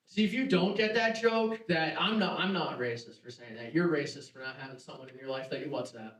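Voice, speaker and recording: A man's voice: fairly high pitch, fairly quick, few pauses, fairly bright tone, far from the mic. A young man doing a stand-up comedy set on a theater stage, brash and self-mocking, swearing often. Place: theater stage before a live audience. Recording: echoey hall, mic heard from afar.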